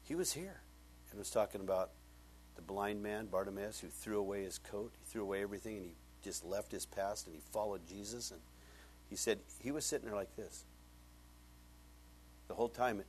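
A middle-aged male pastor giving a conversational sermon, telling stories and swinging from hushed asides to loud emphatic points. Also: fairly low pitch, normal speed, long pauses, slight background noise.

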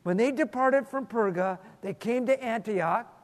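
A man with a high voice leads a Bible teaching with prayer and stories. He speaks earnestly and often repeats a word while he gathers his thoughts. His voice rings with a long reverb, as in a large hall or church. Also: measured pace. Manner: earnest, storytelling, repeats words while thinking.

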